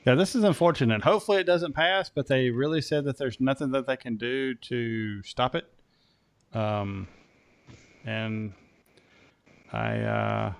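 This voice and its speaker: A man's voice: mid-range voice, creaky, smooth. An American man hosting a motorcycle podcast, chatting casually and rambling with frequent restarts and fillers. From United States. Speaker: podcast host. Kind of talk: casual chat.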